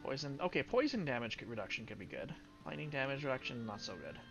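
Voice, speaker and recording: A man talks through his gameplay in a relaxed, thinking-aloud way, mumbling over options and upgrades. His voice has a gravelly edge and swings up and down in pitch, with game music running behind him. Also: quick pace, muffled recording. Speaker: gaming YouTuber. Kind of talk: casual gameplay commentary.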